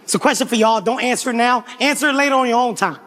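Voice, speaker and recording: A man in his forties telling a profane stand-up story on a live stage, animated and often shouting. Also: very high-pitched, racing. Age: 40s. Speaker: stand-up comedian. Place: live comedy stage before a crowd.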